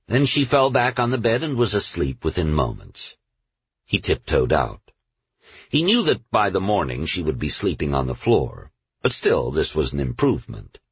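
A man reading a novel aloud as a narrator, in a measured storytelling manner. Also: low-pitched, husky, no echo. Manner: measured storytelling, slows on lists. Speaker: audiobook narrator. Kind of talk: scripted narration. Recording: dull, dry studio recording.

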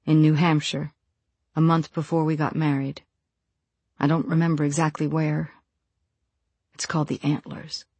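An anxious widowed woman, as a narrator voices her, talks to herself in a shaky, low and fierce voice. It is an audiobook read, close and dry, with a middle-register pitch. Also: level tone, moderate pace, pauses often, a little mellow, breathy edge, dry recording.

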